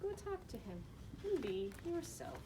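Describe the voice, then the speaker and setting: A woman voicing a kind, wise grandmother who gives gentle advice. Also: high-pitched, sing-song, unhurried, background noise, pitched above the performer's own voice.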